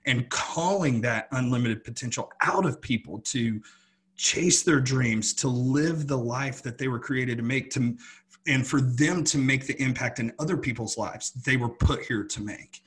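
A man's voice: medium pitch, a little slow, a bit bright, husky. A man co-hosting a podcast, talking in an earnest, reflective way with many restarts. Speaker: podcast co-host. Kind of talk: casual conversation.

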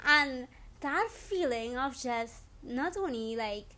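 A young woman telling her story as a guest in a casual chat, animated and acting out what people said. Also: sits high, slow pace. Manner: animated, acts out quotes, rises to squeals when excited.

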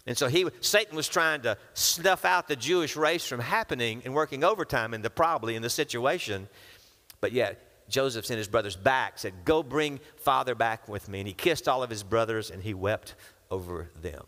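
A man's voice: mid-range voice, moderate pace, pushed and bright. A man preaching a sermon, reading scripture and breaking into casual asides where he acts out the characters. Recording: long hall reverb.

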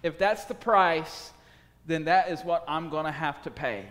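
A man voicing an excitable, greedy jeweler who gushes and pleads. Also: on the high side, measured pace. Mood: eager. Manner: gushing, breathless and pleading. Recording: long hall reverb.

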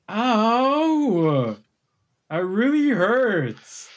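A man's voice: sits high, big pitch swings, pitched above the performer's own voice, exaggerated voice. A man voicing a big, dim-witted male ogre who draws his words out plaintively. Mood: whiny. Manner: drawn-out, plaintive lines.

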